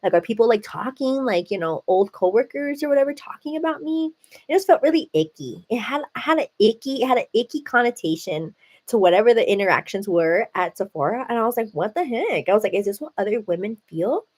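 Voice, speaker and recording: A woman with a fairly high voice chats casually on her home live stream. She tells her story in an animated way, with lots of "like" and "you know" as she goes. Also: a little fast. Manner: chatty, animated, heavy use of "like". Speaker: livestream host. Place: at home, seated.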